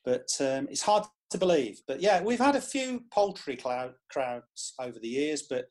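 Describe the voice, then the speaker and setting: A man who is a club historian, telling lively anecdotes in a podcast chat. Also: a little high, normal speed.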